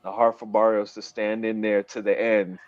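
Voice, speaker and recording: A man with a low voice chats casually on a podcast, rambling through stories with plenty of ums and quick laughs. The sound is dry and a little dull, with no room around it. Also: level tone, no room sound. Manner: laughs often, loose storytelling with fillers. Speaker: podcast co-host. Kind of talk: casual chat.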